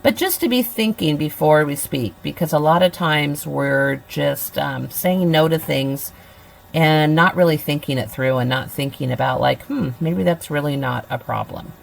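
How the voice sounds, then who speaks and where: A middle-aged woman gives a college lecture in a low voice with a gravelly edge. She talks conversationally, with fillers and restarts, and now and then slips into a soft, sing-song tone to act out what she would say to a toddler. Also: unhurried, poor audio. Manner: conversational, many fillers and restarts, acts out gentle phrases to children. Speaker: college instructor. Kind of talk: recorded lecture.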